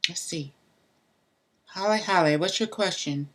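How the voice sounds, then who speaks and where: A woman hosts a live tarot reading stream, speaking a little slowly in a lowish voice. She's chatty and loose with viewers, talks straight to them, and is blunt with some mild cussing.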